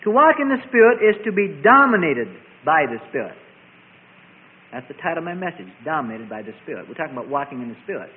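A man's voice: a little high, sing-song, fast, slight background noise. A man preaching a sermon, driving his points home by repeating and contrasting phrases. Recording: tinny phone-like sermon recording.

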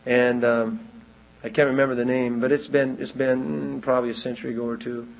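A man's voice: mid-range voice, level tone, fairly quick, vocal fry, lo-fi sound. A man preaching a sermon, telling a long story in a loose, rambling way and then pressing his point with rising urgency.

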